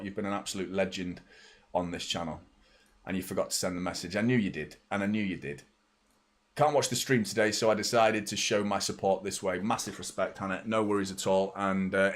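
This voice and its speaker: A man in his thirties hosting a football watchalong live stream, talking casually and rambling as he reads out viewers' messages. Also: lowish voice. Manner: chatty, rambling, reads out super chats.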